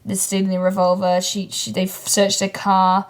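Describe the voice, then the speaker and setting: A woman's voice: mid-range voice, completely flat delivery, moderate pace. A woman, co-hosting a comedy podcast in casual chat and telling stories bluntly, with plenty of swearing. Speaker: podcast co-host.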